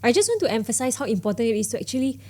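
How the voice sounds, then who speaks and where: A woman's voice: on the high side, big pitch swings, racing, warm tone. A woman, a parent guest on a podcast panel, telling a candid and emotional story.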